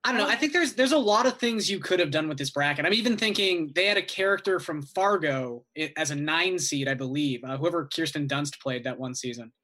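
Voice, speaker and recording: A man in a relaxed podcast conversation, agreeable and thinking his points through aloud. His voice sits a little high for a man and sounds bright. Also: a little fast, few pauses. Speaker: podcast co-host. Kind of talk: casual chat.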